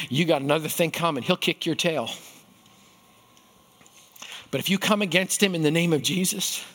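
A middle-aged man preaching a sermon, telling stories with animated delivery and acting out the voices of others. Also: on the high side. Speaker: pastor.

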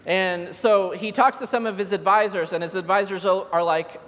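Man, preacher, high voice, casual storytelling sermon, emphatic peaks, long hall reverb. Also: fairly even intonation, moderate pace, fairly bright tone.

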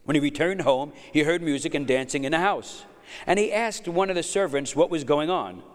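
A man's voice: a little high, a little fast. A middle-aged man preaching a sermon as pastor, emphatic and repeating words as he builds up. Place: church hall. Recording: long hall reverb.

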